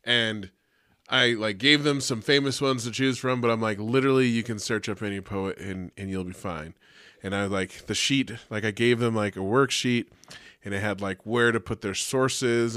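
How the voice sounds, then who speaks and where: A young man tells a rambling school story in a loose, profane way, leaning on "like" and acting out what everyone said. His voice is close and dry, with no room sound. His pitch sits in a middle range. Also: no room sound. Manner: animated and profane, heavy use of "like", acts out quotes. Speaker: teacher. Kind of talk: casual storytelling chat.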